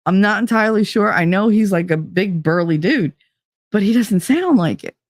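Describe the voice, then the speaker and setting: A woman hosting a livestream talk show and chatting her way through viewer comments. She is blunt and talkative, swears without a second thought, and laughs easily. Her voice sits at an everyday middle pitch, recorded close and dry. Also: lively intonation, moderate pace, dry recording. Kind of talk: casual chat reading viewer comments.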